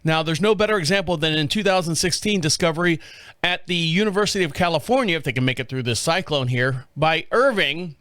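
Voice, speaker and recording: A man's voice: fairly high pitch, fairly quick, a bit bright, no echo. A man hosting a podcast in a studio, who talks in a casual, folksy, rambling way and jokes along as he goes. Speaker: podcast host. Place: small radio studio. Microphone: studio microphone.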